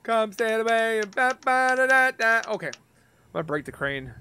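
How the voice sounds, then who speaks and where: A man's voice: very high voice, big pitch swings, normal speed, sharp tone, a little hiss or hum. A man playing a horror game, giving jumpy, panicky commentary that swings into screams. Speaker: gaming YouTuber. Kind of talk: live gameplay commentary.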